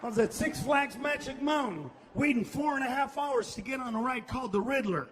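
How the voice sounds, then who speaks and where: A man doing a loud stand-up comedy set on stage, shouting his punchlines and slipping Spanish words into his English. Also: extremely high pitch, fairly quick, in a large hall, background noise. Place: comedy stage before a live audience.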